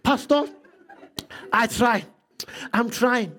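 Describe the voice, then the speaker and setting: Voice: mid-range voice, very slow, voice pushed down. A preacher putting on the voice of a struggling believer who pleads weakly and sounds defeated. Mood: pleading. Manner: whiny, defeated, quiet.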